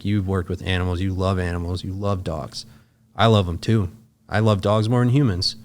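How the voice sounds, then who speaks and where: Low-voiced man telling a raw personal story. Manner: emotional, profane, animated retelling with quoted dialogue. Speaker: podcast guest. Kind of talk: casual storytelling.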